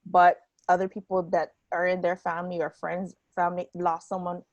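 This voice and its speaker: Gravelly, low-voiced woman host. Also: level tone, normal speed, dry recording, dull audio. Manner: earnest, reflective, with some restarts. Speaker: podcast host. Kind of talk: conversational podcast interview.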